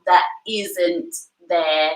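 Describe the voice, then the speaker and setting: A woman co-hosting an English learning chat, talking in a lively, playful way. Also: fairly low pitch, drawn-out words, far from the mic. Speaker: co-host of English learning channel. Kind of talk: casual chat. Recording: echoey room.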